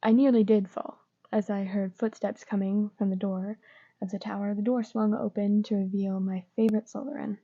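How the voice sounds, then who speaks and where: A woman reading fan fiction aloud in a flat, subdued way. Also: medium pitch, moderate pace. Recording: dull lo-fi recording.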